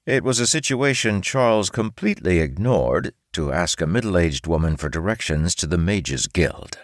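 A man narrating a fantasy audiobook in a steady storytelling manner. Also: deep voice, moderate pace, no room sound, clean studio sound.

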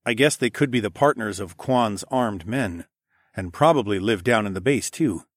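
An audiobook narrator with a fairly low voice reads a first-person novel in a calm, even storytelling style at normal speed. The recording is dry and of studio quality.

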